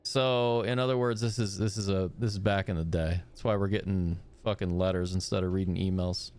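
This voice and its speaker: A man's voice: sits low, steady tone, brisk, a little mellow. A man streaming a horror game, rambling, crude and joking as he plays. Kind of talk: casual gameplay commentary.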